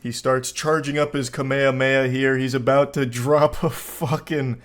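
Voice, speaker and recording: A man's voice: mid-range voice, level tone, moderate pace. A man giving comedic reaction commentary, sarcastic, crude and exasperated.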